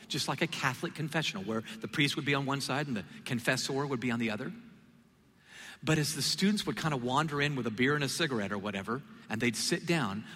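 A man's voice: medium pitch, fairly bright tone, slightly rough. A man preaching a sermon, telling a story and acting out the voices of the people in it. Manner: storytelling, acts out quoted voices. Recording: long hall reverb.

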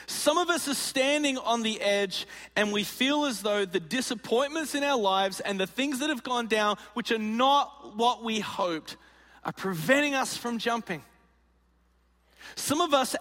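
A man preaches in a sermon, spinning a comic story and playfully acting out its people. His voice sits high and bright. It rings with the long reverb of a large hall. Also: expressive, measured pace. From Australia. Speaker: pastor. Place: large auditorium.

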